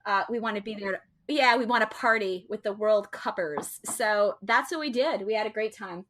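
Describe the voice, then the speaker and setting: A woman's voice: mid-range voice, moderate pace, fairly bright tone. Chatty woman telling a story with fillers. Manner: chatty, laughing, many fillers. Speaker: podcast co-host. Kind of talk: casual storytelling.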